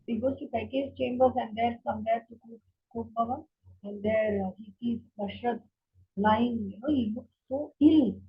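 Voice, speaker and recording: A woman telling a story to a children's class, lively with many fillers and restarts, in a dull lo-fi recording. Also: on the high side, moderate pace, husky.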